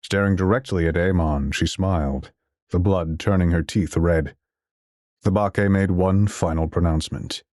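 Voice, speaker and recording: A man narrating a science fiction audio drama in the first person, in a steady, measured storytelling manner. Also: deep voice, no echo, clean studio sound.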